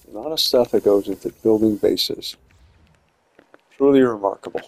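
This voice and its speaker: A man with a fairly low voice talks his way through a game. His tone is dry and wry, and he often mutters to himself. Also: moderate pace. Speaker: gameplay video creator. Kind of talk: casual gameplay commentary.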